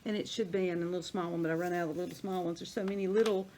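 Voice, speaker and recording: An older woman, chatting casually and thinking out loud as she demonstrates a craft project. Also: lowish voice, fairly even intonation, very fast, noisy background. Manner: chatty, rambling, thinks aloud while working. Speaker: crafting vlogger.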